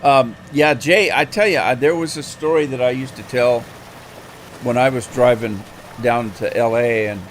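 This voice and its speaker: Male game streamer, mid-range voice, relaxed and rambling, folksy with fillers; faint game engine noise. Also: mid-range voice, normal speed. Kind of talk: casual storytelling while gaming.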